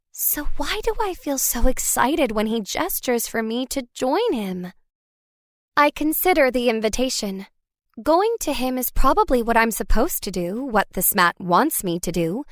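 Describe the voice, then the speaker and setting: A woman tells a first-person story in scripted audiobook narration with a higher, light voice. Her delivery is expressive and wry. The recording is dry and close, with no room around her. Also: no echo.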